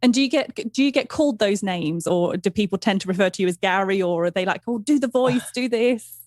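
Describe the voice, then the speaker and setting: Fast-talking English woman, dry sound. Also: mid-range voice, a little mellow, no echo. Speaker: podcast co-host. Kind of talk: casual interview chat.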